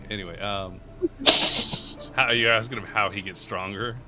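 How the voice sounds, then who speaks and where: A young man running a tabletop game, narrating in a casual, easygoing way. His voice sits a little low. Game music plays clearly behind him. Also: steady tone, normal speed. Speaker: game master.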